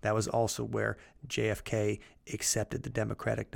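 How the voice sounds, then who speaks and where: A man with a gravelly, fry-laden voice on the lower side co-hosts a casual podcast. He reads old newspaper clippings aloud in a brisk, animated way, then drifts into loose chat. The sound is dry and close, with no room around it. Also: dry recording. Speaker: podcast co-host.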